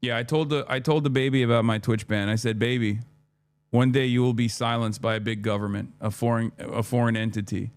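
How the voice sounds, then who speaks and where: Male streamer, thirties, mid-pitched, rambling profane storytime chat with acted-out quotes. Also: fairly quick, smooth. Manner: rambling, profane, animated retelling with quoted dialogue.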